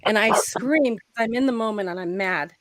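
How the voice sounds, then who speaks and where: Woman guest for casual live-stream banter: blunt, profane storyteller, a touch high-pitched. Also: moderate pace, fairly bright tone, no echo, poor audio. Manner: blunt, swears freely, laughs while telling stories. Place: at home.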